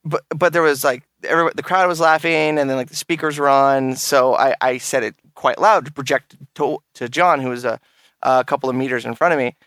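A man's voice: mid-range voice, fairly even intonation, a little fast, fairly bright tone, no echo, clean studio sound. A man hosting a casual gaming podcast, joking crudely and laughing often. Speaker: podcast host.

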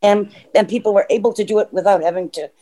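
A man's voice: high voice, fairly even intonation, fast talker, dark tone. A man calling in to a discussion program, making earnest points and sometimes losing his train of thought. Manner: earnest, loses track of thoughts. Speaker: caller. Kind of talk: call-in comments.

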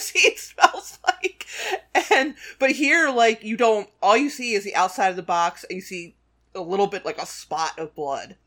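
Bright-voiced man chatting about a film. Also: sits high. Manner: animated, rambling with many restarts. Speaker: podcast co-host. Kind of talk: casual film discussion.

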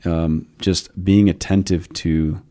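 A man's voice: low voice, little pitch movement, slow, warm tone. A man hosting a casual, reflective discussion, thinking aloud with frequent restarts. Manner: thoughtful, with frequent restarts and musing asides. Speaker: podcast host.

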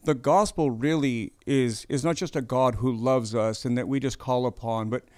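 A man's voice: mid-range voice, fairly even intonation, moderate pace, a little mellow. A man hosting a faith interview in a conversational way, summing things up and checking in with his guest as he goes. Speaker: podcast host, interviewer.

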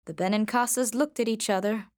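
A woman narrating a storybook in a gentle, measured way. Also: mid-range voice, steady tone, no room sound, studio quality. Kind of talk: storybook reading.

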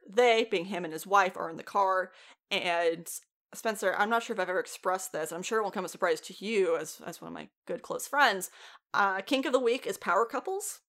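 A woman co-hosting a podcast, recapping a TV show in casual, animated chat, swearing freely and laughing often. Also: mid-range voice, fairly quick. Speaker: podcast co-host.

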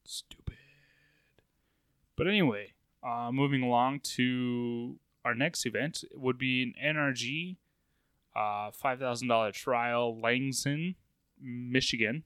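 A man co-hosting a podcast runs steadily and casually through tournament results while his voice is wearing out. He has a mid-range, fairly bright voice that is steady, unhurried, and smooth, with no room sound.

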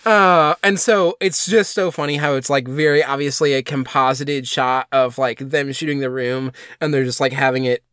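A man co-hosting a podcast, talking about an old film in a relaxed, amused way with many fillers. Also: mid-range voice, moderate pace, few pauses, smooth, no room sound, clean studio sound. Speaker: podcast co-host. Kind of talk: casual film discussion.

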